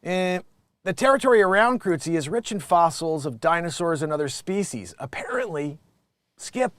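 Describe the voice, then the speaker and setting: A man hosting a comedy news show, joking and swearing as he reads headlines and swings into loud bits. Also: a little high, animated, a little fast, no echo.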